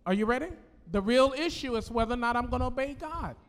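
High-voiced male pastor preaching. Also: fast talker, long reverb tail. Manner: animated, call-and-response, laughing asides. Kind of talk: sermon. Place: church.

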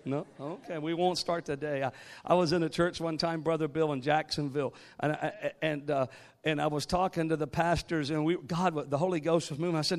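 A man's voice: a little high, steady tone, a little fast. A man preaching a sermon, moving from joking asides to rising call-and-response exhortation. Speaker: guest preacher.

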